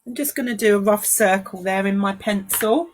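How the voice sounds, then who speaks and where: A watercolour art teacher with a London accent gives a live-streamed painting demonstration from her art studio, chatting and greeting viewers as she works. Her voice is medium in pitch and her pace is normal.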